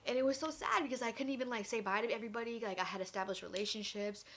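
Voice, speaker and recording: Young adult woman, candid personal storyteller, animated, acts out the voices she quotes. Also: fairly high pitch, very fast, slight background noise. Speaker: vlogger.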